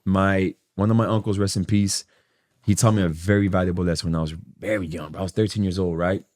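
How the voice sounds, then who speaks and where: A man from Miami telling a profane, animated story from his past in casual conversation. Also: low voice, quick pace. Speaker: guest.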